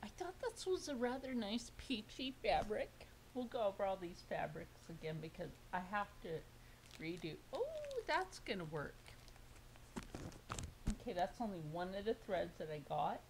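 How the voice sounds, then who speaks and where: A woman's voice: mid-range voice, animated, moderate pace, a little hiss or hum, poor audio. A woman vlogging a casual unboxing of fabric for her sewing channel, gushing and squealing over each piece.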